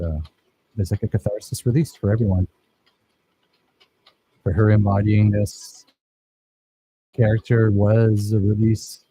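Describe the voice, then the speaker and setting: A man's voice: lowish voice, mellow, husky, poor audio. A man teaching a filmmaking workshop, talking casually and enthusiastically over his own footage and praising his students.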